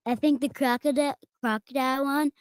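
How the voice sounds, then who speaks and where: A woman chatting on a podcast with short deadpan answers, playing along as the president. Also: sits high, fairly quick, no echo, studio quality. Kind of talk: casual chat, playfully posing as the president.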